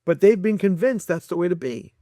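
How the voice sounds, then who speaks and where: A man's voice: sits high, lively intonation, fairly quick, warm tone, no echo, clean studio sound. A man speaking as a podcast guest in a casual chat, blunt and profane, laughing between points and acting out people he quotes.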